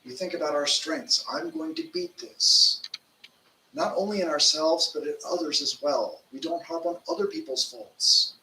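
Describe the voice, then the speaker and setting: A man in his fifties delivers a spiritual talk in a chatty, anecdotal way, his voice slightly high and forceful. The recording is distant and echoey, with faint noise behind him. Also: moderate pace, few pauses. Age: 50s. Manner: storytelling, informal with fillers. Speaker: monk giving a spiritual talk. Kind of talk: conversational sermon. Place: temple lecture hall. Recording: roomy hall, distant mic, faint noise.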